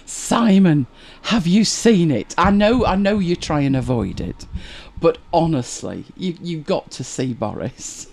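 A woman hosting a live stream, chatting casually with viewers, wry and exasperated with quick laughs. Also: mid-range voice, animated, darkish tone, a little hiss or hum. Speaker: livestream host.

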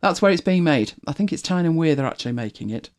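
Host, casual chat to viewers, animated pitch, chatty and self-correcting. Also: quick pace. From United Kingdom. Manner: chatty, rambling, self-correcting, laughs often. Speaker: livestream host.

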